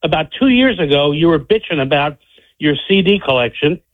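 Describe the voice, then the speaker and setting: A man phoning in to a radio show, rambling along with ums and uhs. His voice sits fairly high. The line sounds dull and muffled. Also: animated, a little fast. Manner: rambling, hesitant fillers. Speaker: caller. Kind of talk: phone-in call.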